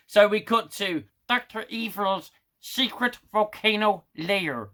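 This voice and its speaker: A man's voice: a little high, expressive, moderate pace. A man reviewing a TV episode in a casual, sarcastic, exasperated rant. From United Kingdom. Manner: sarcastic, exasperated, laughs loudly. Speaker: TV show reviewer.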